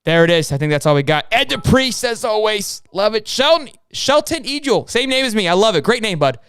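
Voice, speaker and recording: Young dude hosting a sports stream, highish smooth voice, dry sound, all hyped up. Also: male voice, big pitch swings, fairly bright tone, no echo. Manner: hyped, rapid, slangy. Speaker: podcast co-host. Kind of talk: live-stream sports podcast banter.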